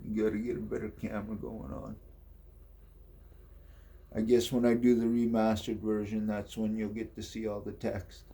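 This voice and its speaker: A man's voice: lowish voice, completely flat delivery, warm tone, slight background noise. A man reading a comic book aloud in a casual, offhand way, ad-libbing and swearing between panels. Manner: slow, offhand, swears and ad-libs.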